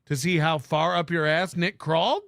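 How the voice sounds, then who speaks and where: A man's voice: fairly high pitch, moderate pace, gravelly, a bit bright, no room sound, clean studio sound. A man on a played stream clip, talking sarcastically with plenty of swearing. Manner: sarcastic, profane. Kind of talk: live stream banter.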